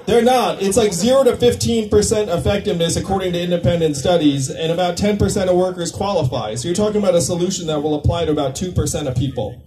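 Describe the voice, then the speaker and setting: A man's voice: high-pitched, quick pace, hardly any pauses, dark tone, roomy sound. A man, a presidential candidate, giving a campaign rally speech in a conversational, joking way with the crowd. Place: political rally venue. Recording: distant mic at a rally.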